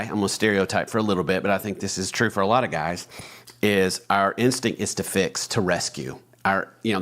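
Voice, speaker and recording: Very deep-voiced man chatting loosely. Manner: rambling, restarts often, acts out his inner voice. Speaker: podcast co-host. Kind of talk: casual conversation.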